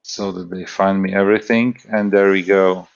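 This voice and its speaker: A man's voice: low voice, steady tone, creaky, clean tone, lo-fi sound. A man hosting a casual livestream chat, rambling and reading out product details. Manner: slow, rambling, reads out labels. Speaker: stream host.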